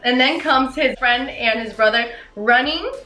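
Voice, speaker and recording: A young woman telling her story to camera in a casual, excited and gushing way, full of "you know" and "like". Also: high-pitched, measured pace, echoey room, rough recording. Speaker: vlogger.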